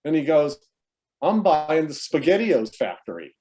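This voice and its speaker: A man's voice: on the high side, sing-song, a little slow, dark tone. A man, brother of the deceased, telling a long story at a memorial over a video call, rambling with many fillers and restarts.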